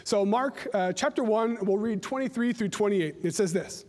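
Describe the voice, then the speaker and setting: A man's voice: high-pitched, normal speed, hardly any pauses, a little mellow. A middle-aged man preaching a conversational sermon, telling stories in a chatty way and often restarting his words. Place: church sanctuary. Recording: long church hall reverb.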